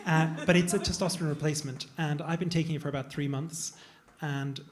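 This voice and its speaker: A man's voice: a little high, steady tone, brisk, a little hiss or hum. A man, a plastic surgeon, talking casually on a panel to a live audience, digressive and self-deprecating. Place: event room with an audience.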